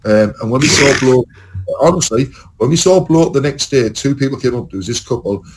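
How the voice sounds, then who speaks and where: A man hosting a podcast, rambling from one story to the next with plenty of swearing. His voice sits at an ordinary middle pitch and has an easy conversational flow. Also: lively intonation, fairly quick, noisy background. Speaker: podcast host. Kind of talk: casual chat.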